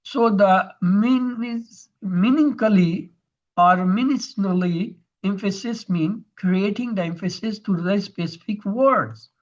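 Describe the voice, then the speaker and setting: A man's voice: high-pitched, takes it slowly, highs cut off. A man teaching Arabic grammar in an online lesson, explaining terms step by step over a video call.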